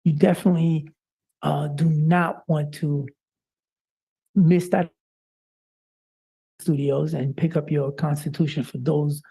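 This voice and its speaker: A man's voice: a little high, steady tone, takes it slowly, vocal fry, pauses often, warm tone, husky. A man co-hosting a live-streamed talk show, speaking in an impassioned, preacher-like way with frequent "uh" fillers.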